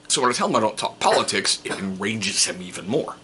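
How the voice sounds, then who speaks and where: A man's voice: fairly low pitch, expressive, normal speed, long pauses, pushed and bright, slight background noise. A middle-aged man vlogging casually, telling a story in a rambling, chatty way that keeps correcting itself.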